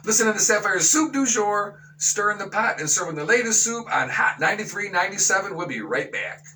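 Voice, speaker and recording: A man's voice: sits high, very animated, brisk, bright, forceful tone, far from the mic, a little hiss or hum, low-quality recording. A man hosting a talk radio show, ranting with outrage and sarcasm and slipping into mocking voices. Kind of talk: opinion talk radio monologue.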